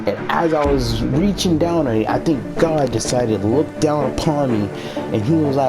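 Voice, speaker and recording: Animated, dramatic male storyteller. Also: mid-range voice, moderate pace, loud music behind the voice. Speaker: storytime vlogger.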